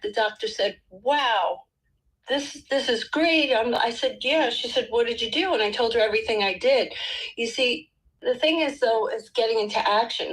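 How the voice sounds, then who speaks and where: Woman in her fifties, livestream guest, talkative storyteller, somewhat high voice. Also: rough recording. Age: 50s. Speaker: livestream participant, mother. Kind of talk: casual group livestream talk.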